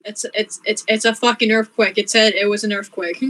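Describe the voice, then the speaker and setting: A woman gaming and chatting casually, swearing often and laughing a lot, quick to get excited. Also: medium pitch, no room sound, rough recording. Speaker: gamer.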